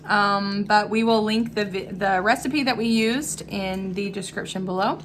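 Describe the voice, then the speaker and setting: A woman of middle pitch hosts a casual cooking vlog from her home kitchen. She chats easily, laughs often and fills pauses with "um", over a faint hiss of background noise. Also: fairly bright tone. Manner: chatty, laughs often, frequent "um"s. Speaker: cooking vlog host and mother.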